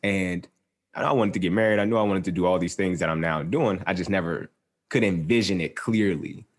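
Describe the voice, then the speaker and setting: A man with a very low voice talking briskly in a casual chat. He reflects thoughtfully on his own path, with in his speech.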